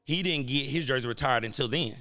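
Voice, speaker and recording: A man's voice: mid-range voice, fast talker, pushed and bright, dry recording. Emphatic, profane man ranting on a podcast. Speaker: podcast host. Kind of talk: heated sports talk rant. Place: cigar lounge studio.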